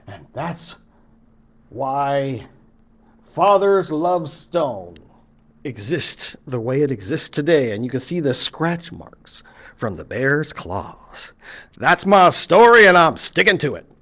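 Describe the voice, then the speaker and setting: A man's voice: fairly high pitch, very animated, slow pace, fairly bright tone. An older man, a college professor, telling a traditional story in a folksy, conversational way, acting out the scenes. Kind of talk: traditional story told to camera.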